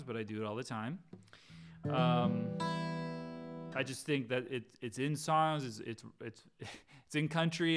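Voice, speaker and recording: A man casually breaking down one of his songs, talking it through and singing lines on guitar. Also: medium pitch. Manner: chatty, self-interrupting, breaks into singing lines. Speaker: songwriter teaching his own song.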